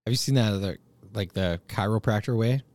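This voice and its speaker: A young man in casual chat, relaxed and swearing freely, laughing often as he tells a story. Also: lowish voice, brisk.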